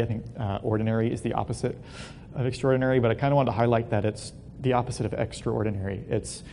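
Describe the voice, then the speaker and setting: A man telling a Bible story as a relaxed, casual lesson, full of fillers and joking asides. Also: fast talker. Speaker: Bible teacher. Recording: long hall reverb, faint rumble.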